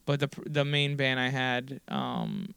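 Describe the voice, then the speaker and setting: A man's voice: medium pitch, wildly swooping pitch, a little slow, vocal fry, a bit bright, smooth, dry recording. A man in his forties telling a long, rambling story in a casual interview, with lots of fillers and the odd swear word. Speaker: guest musician.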